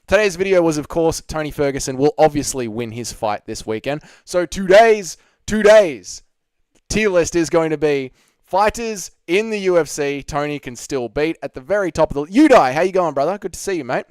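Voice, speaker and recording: A man's voice: on the high side, expressive, moderate pace, a little mellow, smooth, no echo. A young man hosting a casual live stream, chatting and reading out viewer comments with plenty of swearing. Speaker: livestream host.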